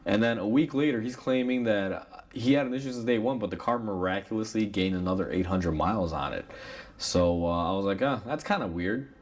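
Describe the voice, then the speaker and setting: A man's voice: on the low side, brisk. A man with a Chicago accent, an auto shop owner, telling a customer story casually to camera and acting out the heated quotes.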